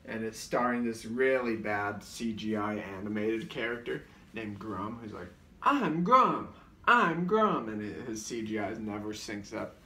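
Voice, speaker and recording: A man's voice: on the low side, fairly even intonation, moderate pace, hardly any pauses. A man telling stories in a casual, rambling way, leaning on "like" and restarting his sentences. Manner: rambling, heavy use of "like", frequent restarts, briefly mimics voices. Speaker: comedian recounting his sketches. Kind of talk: casual storytelling. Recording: roomy sound from a distant mic.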